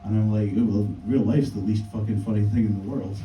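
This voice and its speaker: A man doing a stand-up set in a deadpan, halting way, full of fillers. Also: fairly low pitch, a loud crowd. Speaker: stand-up comedian. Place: comedy club stage. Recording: echoey room mic, from a distance.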